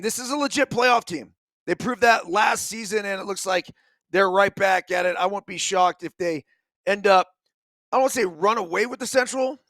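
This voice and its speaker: A middle-aged man hosting a solo baseball talk show, energetic and blunt, swearing casually and punching out emphatic bursts. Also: high voice, dry recording. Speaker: host.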